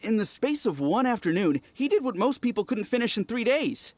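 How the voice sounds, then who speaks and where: A friendly young villager who talks with an animated, swinging delivery in a slightly higher voice. Eager and gossipy, he loves telling a story. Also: fairly quick, no room sound. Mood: chatty. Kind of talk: video game voice acting.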